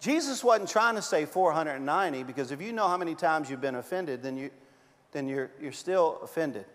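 High-voiced pastor preaching in a reverberant hall. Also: male voice, brisk. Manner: animated storytelling, swings from loud to hushed. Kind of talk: sermon.

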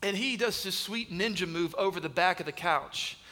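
A man in his thirties, an executive pastor, preaching a sermon with humorous stories, animated and acting out voices. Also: high voice, normal speed. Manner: animated storytelling, acts out voices and shouts. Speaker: executive pastor of student ministry. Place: large church hall. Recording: long hall reverb.

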